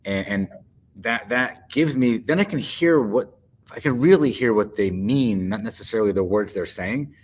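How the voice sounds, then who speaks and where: A man's voice: on the low side, moderate pace. A man co-hosting a casual podcast chat, thoughtful and repeating words as he forms his ideas. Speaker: co-host.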